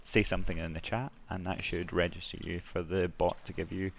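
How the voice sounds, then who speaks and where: A man's voice: deep voice, little pitch movement, a little fast, vocal fry, slight background noise. A man hosting a game livestream, chatty and reading out viewer messages. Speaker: stream host. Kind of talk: casual game stream chat.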